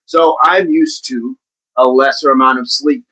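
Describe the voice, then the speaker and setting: A man's voice: medium pitch, fairly even intonation, a little slow, bright, forceful tone, low-quality recording. A man hosting a casual livestream, reading out viewers' comments and chatting back to them in a playful way. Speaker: livestream host reading chat.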